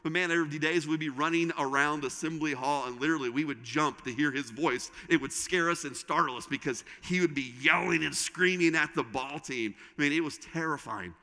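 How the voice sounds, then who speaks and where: A middle-aged man preaching a sermon as a pastor, with dramatic pauses and sudden drops to a soft, intimate tone. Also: on the high side. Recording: reverberant hall.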